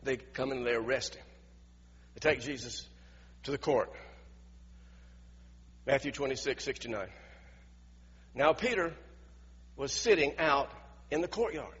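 A man's voice: medium pitch, unhurried, pauses often, a bit bright, breathy edge, long reverb tail, highs cut off. A male preacher giving a conversational sermon, asking his listeners questions as he retells a scripture passage. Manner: conversational, asks the audience questions.

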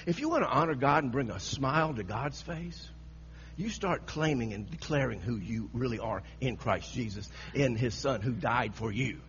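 A man's voice: mid-range voice, lively intonation, normal speed, a bit bright. A man preaching a sermon, telling a story with frequent laughter and repeated phrases, on a dull lo-fi recording with a faint hum.

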